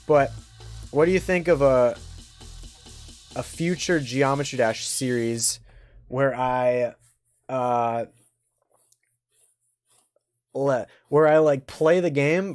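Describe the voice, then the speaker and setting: A man's voice: medium pitch, takes it slowly, pauses often, darkish tone, dry recording, studio quality, faint music behind. A young man chatting casually on a game livestream, joking with chat and muttering to himself as he plays. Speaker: game streamer.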